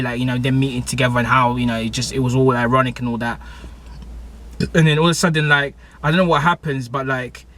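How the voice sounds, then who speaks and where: Excitable young guy, bright voice. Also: medium pitch, a little hiss or hum. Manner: excitable and slangy, with many fillers and restarts. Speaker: TV show reviewer. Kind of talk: casual episode recap.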